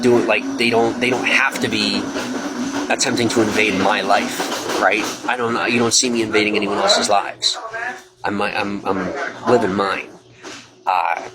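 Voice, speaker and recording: A man's voice: lowish voice, poor audio. A man talking at length on his own live stream, earnest and rambling with many restarts and fillers. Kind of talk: casual live stream monologue.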